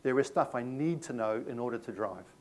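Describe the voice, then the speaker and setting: A middle-aged man with a New Zealand accent runs a live staff training session, talking with an audience at a medium pitch. He keeps it conversational and tells anecdotes with a self-mocking humour. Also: animated, a little fast, a little mellow. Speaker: workshop presenter.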